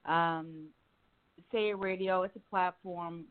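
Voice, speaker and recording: Low-voiced woman hosting a candid chat. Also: slow pace. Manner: candid, profane, animated storytelling. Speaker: podcast host. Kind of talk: casual chat. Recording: tinny phone-like sound.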